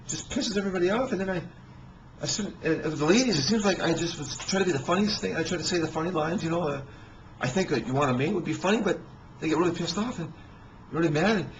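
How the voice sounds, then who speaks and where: A man telling rambling personal stories in a halting way, with many restarts and fillers. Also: sits high, dull audio, a little hiss or hum.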